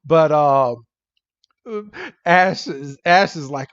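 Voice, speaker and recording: A man's voice: on the high side, extremely slow, dry recording, lo-fi sound. A man co-hosting a podcast, recapping a cartoon episode in a casual, comedic way and often acting out the characters' lines. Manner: animated, laughs often, acts out characters' lines. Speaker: podcast co-host.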